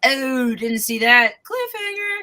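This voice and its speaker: A woman hosting a casual livestream talk show, reading aloud haltingly and laughing often. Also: lowish voice, expressive, bright, forceful tone, rough recording. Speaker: host.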